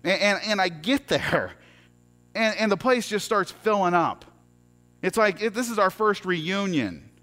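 A middle-aged man telling a personal story as a sermon, earnest and halting, often restarting his words. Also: high-pitched, expressive, bright, forceful tone, faint music behind.

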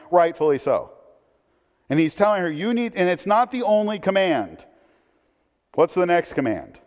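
Guy preaching, lively up-and-down voice, slightly high, long hall echo. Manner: animated, conversational preaching with asides. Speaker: pastor. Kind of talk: sermon.

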